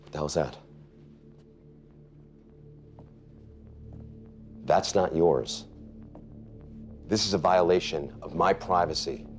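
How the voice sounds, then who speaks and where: A man's voice: deep voice, measured pace, faint music behind. An actor playing a petty, resentful male lawyer who speaks bitterly and coldly. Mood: indignant. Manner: bitter and cold. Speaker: law firm partner. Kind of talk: TV drama acting.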